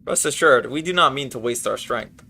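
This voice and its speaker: A man's voice: medium pitch, animated, moderate pace, creaky, sharp tone, heavily acted. A man reading the lines of a formal male explorer in game dialogue, with old-fashioned, stately wording. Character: formal male explorer explaining a sealed gate.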